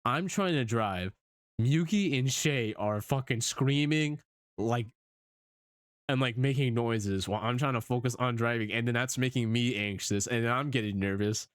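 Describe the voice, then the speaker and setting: Chatting casually, a young man on stream spins an animated tale, cursing a lot and breaking into laughter along the way. He speaks at a moderate pace in a mid-range voice, and there is no room sound.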